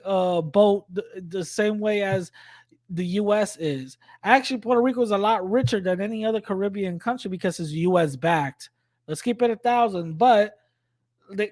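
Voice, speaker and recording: A man with a high, bright-edged voice talks through a clip he is watching, blunt and full of street slang. He picks apart claims one by one in a relaxed, conversational flow. The sound is dry and close, with no room around it. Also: dry recording. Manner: blunt, slangy, calls out a lie point by point. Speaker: reaction commentator. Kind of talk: casual commentary on a played clip.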